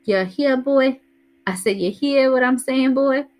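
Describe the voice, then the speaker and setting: A woman reading aloud, voicing a father who mocks a Southern man in a slow drawl broken by "uh" fillers. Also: high voice, a little mellow, voice pushed up. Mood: mock-menacing. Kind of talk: reading a novel aloud to a class.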